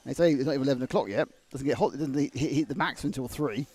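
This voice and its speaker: Fast-talking, joking co-commentator. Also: male voice, medium pitch, darkish tone, husky. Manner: joking, quick chatter. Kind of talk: casual banter.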